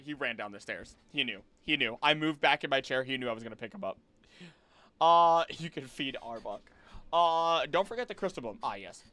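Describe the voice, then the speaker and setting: A man chatting with his viewers while playing a video game, rambling and bursting into sudden excited reactions. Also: mid-range voice, no room sound. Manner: animated, rambling, quick reactive outbursts. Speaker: game streamer. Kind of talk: live gameplay commentary to chat. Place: home, seated at a computer.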